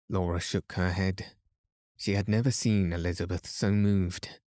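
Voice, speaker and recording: A man reads a bedtime story aloud in a slow, hushed way, meant to lull listeners to sleep. His voice is low and mellow, and the sound is dry and close. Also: fairly even intonation, dry recording. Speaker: podcast narrator.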